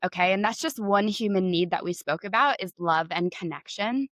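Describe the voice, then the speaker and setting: A young woman hosting a podcast, talking earnestly with many "like"s and leading a gentle breathing exercise. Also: medium pitch, lively intonation, normal speed, no room sound. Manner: warm, earnest, says "like" often. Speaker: podcast host and coach. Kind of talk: casual talk with guided breathing.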